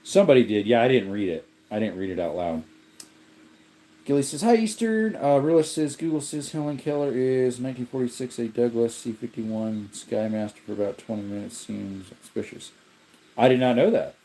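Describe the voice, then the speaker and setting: A man hosting a livestream, reading viewer comments aloud in a relaxed, rambling way while yawning. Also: medium pitch, a little fast, a little hiss or hum. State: sleepy, yawning. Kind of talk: casual chat.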